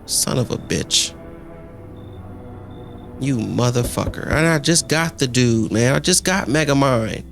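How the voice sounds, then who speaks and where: Gravelly young man streaming, swearing. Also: mid-range voice, a little slow, pauses often, soft background music. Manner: profane, excitable reactions to the game. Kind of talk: live gameplay commentary.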